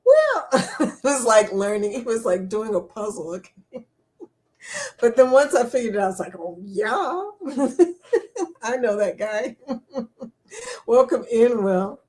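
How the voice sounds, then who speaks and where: A woman's voice: on the high side, big pitch swings, takes it slowly, long pauses, a little mellow. A woman hosting a casual live-stream chat, reading viewer comments aloud, chatty and laughing often. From England.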